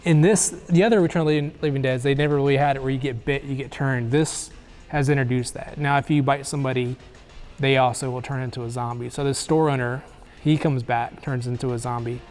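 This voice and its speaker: A man in the middle of his range, talking through a movie plot in a loose, rambling way, full of "uh"s, restarts and quick quoted lines. Faint music sits underneath him. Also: mid-range voice, fairly even intonation, a little mellow. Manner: rambling, filler-heavy plot retelling with quick acted quotes. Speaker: movie review host. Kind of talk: casual movie recap.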